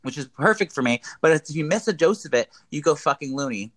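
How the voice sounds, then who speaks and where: A man's voice: a little high, fairly quick, no echo. A man telling a rambling, profane story as a podcast co-host. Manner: rambling, profane, animated retelling. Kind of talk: casual storytelling chat.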